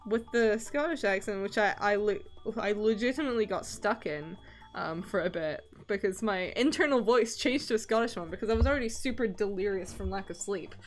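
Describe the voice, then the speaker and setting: A woman chats casually on a stream, rambling through her thoughts and filling pauses with plenty of ums. She laughs often as she talks, and her pitch sits at a middle level. Faint music plays underneath. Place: lives in Scotland.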